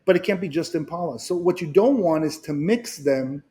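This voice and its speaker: A man's voice: a little high, normal speed. A middle-aged man explaining his ideas in conversation, telling stories with acted-out quotes and frequent restarts. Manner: animated storyteller, acts out quoted voices, repeats words when restarting. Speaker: guest speaker.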